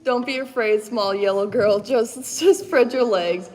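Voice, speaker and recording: A woman reading the lines of a calm, lecherous male wizard professor at a live panel. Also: on the high side, unhurried, slight background noise, close to an everyday voice. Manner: calm and soft. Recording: echoey convention hall.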